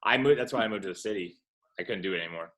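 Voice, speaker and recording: A man's voice: deep voice, rapid-fire, a bit bright. A man appearing as a podcast guest, giving blunt, crude advice in casual chat.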